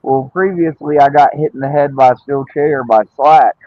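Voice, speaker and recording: A man's voice: medium pitch, steady tone, normal speed, dry recording. Laid-back male wrestler guest, loose and full of filler words, on dry, dull audio. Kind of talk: casual storytelling.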